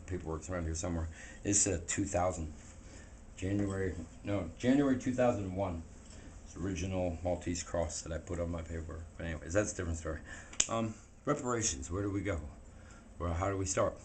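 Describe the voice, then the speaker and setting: A man's voice: low-pitched, brisk, darkish tone, slight background noise. A man in his forties talking casually to a handheld camera while walking outdoors, rambling and earnest, repeating words as he preaches. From United States. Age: 40s. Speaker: vlogger. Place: outdoors on foot. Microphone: handheld camera mic.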